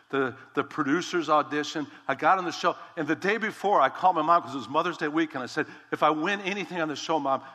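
A man in his fifties, a pastor, telling a personal story in a sermon, animated and repeating words as he acts out conversations. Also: a little high, big-room sound.

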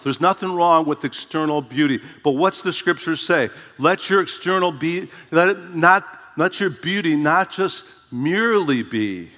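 Emphatic pastor preaching in an echoing hall. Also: male voice, on the high side, a bit bright. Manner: emphatic, conversational, rhetorical questions. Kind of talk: sermon. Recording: reverberant hall.

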